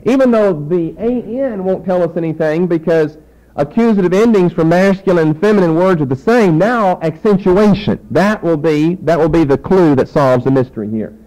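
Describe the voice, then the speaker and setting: Here the Bible teacher sounds high, mellow, and expressive, speaking at a moderate pace on a rough recording. He leads his class step by step with rhetorical questions, and his voice falls off when he writes on the board.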